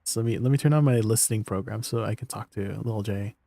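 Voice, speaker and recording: A man's voice: lowish voice, fast, gravelly, mellow, dry recording. A man chatting casually to viewers on a live game stream, laughing often and joking around.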